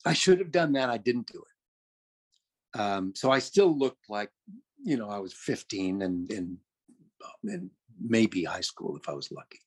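A man's voice: on the low side, expressive, a little slow, long pauses, breathy edge. An older man from California telling a long, rambling story in a chatty, self-correcting way. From California, USA. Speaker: storyteller recounting his career. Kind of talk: anecdotal storytelling.

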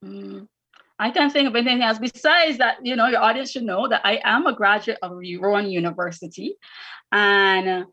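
An earnest woman educator answers interview questions, circling back on her words as she thinks. Her pitch sits at a middling level. The sound is a little dull and lo-fi. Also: normal speed, sharp tone. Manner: earnest, repeats words while finding them. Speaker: educator and academy founder.

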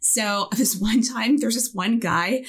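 A young woman in her twenties, a podcast co-host, telling animated stories in casual chat and acting out the voices of the people in them. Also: a little high, slow, slightly rough. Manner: animated storyteller, acts out quoted voices.

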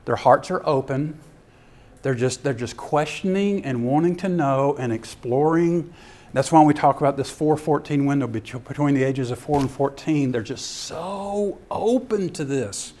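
A man giving a sermon-style ministry talk as an animated storyteller who acts out scenes. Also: mid-range voice, moderate pace. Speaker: ministry speaker.

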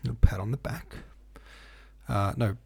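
A man hosts his own podcast in a loose, meandering chat, stopping and restarting his sentences often. His voice sits fairly low with a gravelly edge. The tone is husky and mellow. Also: unhurried. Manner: rambling and hesitant, many fillers and restarts. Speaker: podcast host and novelist. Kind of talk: casual solo podcast chat.

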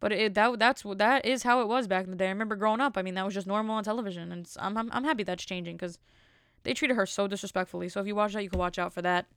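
A woman's voice: medium pitch, very fast, a bit bright, clean tone, no room sound, clean studio sound. A woman in her thirties talking casually and indignantly, rambling with lots of filler words. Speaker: commentator. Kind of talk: casual opinion talk.

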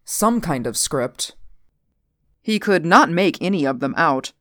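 A woman narrating a story aloud in a measured audiobook reading. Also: deep voice, lively intonation, fairly bright tone, no echo. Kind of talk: audiobook narration of science fiction.

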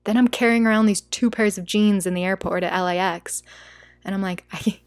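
A woman's voice: medium pitch, steady tone, fairly quick, no room sound. A young American woman telling a travel story in a casual, emotional vlog, talking straight to her viewers. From United States. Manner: chatty, emotional, says "like" and "you guys" a lot. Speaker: travel vlogger.

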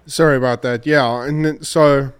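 A man's voice: mid-range voice, steady tone, normal speed, smooth. A man vlogger telling a hunting story in a rambling, emotional way, choked up and sniffly. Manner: emotional, rambling retelling with restarts. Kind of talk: casual storytelling to camera.

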